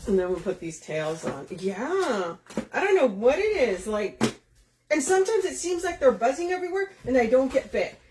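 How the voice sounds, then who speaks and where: A woman's voice: high voice, very animated, normal speed, a little mellow, slight background noise. A chatty woman, hosting a live craft demo, talking to viewers by name and laughing often. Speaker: craft shop host. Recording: echoey room.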